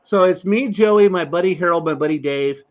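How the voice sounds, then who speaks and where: A man co-hosting a casual sports chat show, telling quick anecdotes in an animated way. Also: sits high, dull audio. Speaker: podcast co-host.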